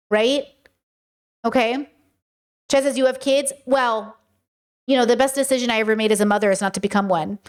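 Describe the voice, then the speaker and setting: A woman's voice: on the high side, steady tone, moderate pace, pauses often, clear, resonant tone. A woman in her thirties hosting a casual commentary video, talking straight to her viewers in a chatty, emphatic way. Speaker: video essay host.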